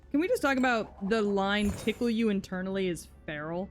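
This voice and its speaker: A woman's voice: mid-range voice, lively intonation, brisk, hardly any pauses, faint music behind. A young woman streaming live, chatting casually while she plays. She sounds exasperated, swearing and blurting out frustrated outbursts.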